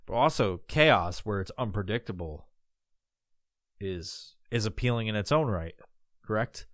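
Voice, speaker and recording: A man's voice: on the low side, animated, measured pace, fairly bright tone, no echo, clean studio sound. Rambling, profane male podcast host. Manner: loose and profane, full of fillers and restarts. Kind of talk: casual rambling monologue.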